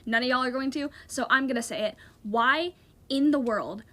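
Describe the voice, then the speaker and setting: A woman's voice: sits high, moderate pace, a bit bright. A woman in a dramatic, mock-outraged rant about casting news as a fan.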